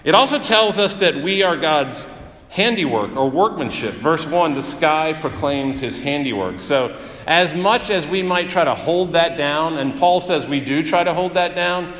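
A man's voice: a little high, animated, measured pace, a bit bright. A male pastor giving a sermon in an earnest, emphatic way, often repeating phrases. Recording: echoey hall with long reverb.

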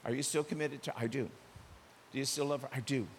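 Preaching quickly in a mid-range voice with fairly even intonation, this older American pastor animates his sermon by playing out small dialogues in changing voices. There's long hall reverb with a faint hiss underneath.

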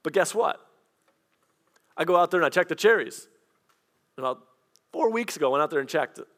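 A man preaching a sermon as pastor, telling personal stories in a lively conversational way. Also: a little high, fairly quick. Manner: storytelling, animated and conversational.

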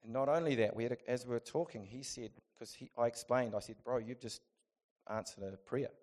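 A man talks through a personal story in a relaxed, chatty way, at an ordinary middle pitch. He laughs between phrases and now and then throws himself into loud, high acted bursts of what he said at the time. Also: a little fast. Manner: animated storytelling, acts out his own past voice in loud high bursts. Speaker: Christian vlogger sharing a testimony. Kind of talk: casual personal testimony.

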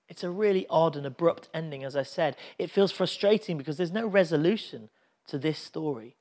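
Earnest preaching man, slightly high voice. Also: animated, fairly quick, darkish tone. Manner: earnest, reflective storytelling. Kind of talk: sermon.

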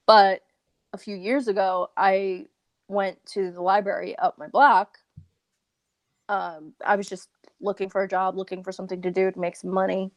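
She's a Long Island, New York woman who uses a wheelchair, chatting earnestly as a guest in a casual interview and laughing quickly. The medium-pitched voice is heard in a dry recording.

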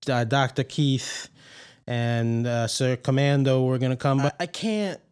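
A man's voice: mid-range voice, unhurried, clean tone. Sniffly man on a conspiracy rant. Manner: excitable, ranting, earnest mock-conspiracy talk. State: sick with a cold, sore throat, sniffling. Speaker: podcast co-host playing a conspiracy theorist. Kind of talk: comedic improvised podcast bit.

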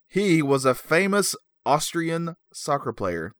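A man's voice: a little high, very animated, takes it slowly, dry recording, clean studio sound. A man co-hosting a podcast in casual chat, telling a story in an easygoing, self-deprecating way with lots of fillers. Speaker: podcast co-host.

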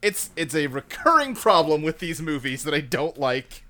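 A man co-hosting a casual chat podcast who recaps a movie in a rambling, animated way, laughing often and slipping into quick mocking voices. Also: a little high. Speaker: podcast co-host.

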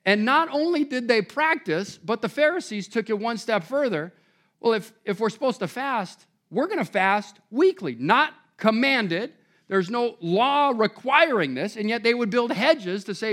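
A man preaching a sermon to a congregation, conversational and animated, joking with his listeners. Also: high voice, moderate pace. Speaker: pastor.

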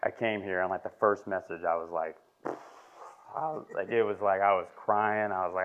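A man in his twenties giving a halting, emotional personal testimony as a lay preacher in a church classroom. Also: on the low side. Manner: halting, emotional, filler-heavy. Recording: muffled lo-fi recording.

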